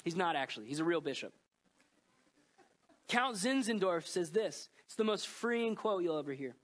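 Man, pastor, high-pitched, earnest, emotional sermon, loud and hushed turns. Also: animated, normal speed.

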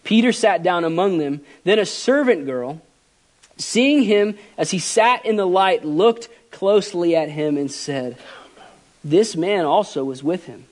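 A man preaching a sermon as pastor, earnest and emotional, swinging from loud emphasis to quiet softness. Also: high-pitched, lively intonation, measured pace.

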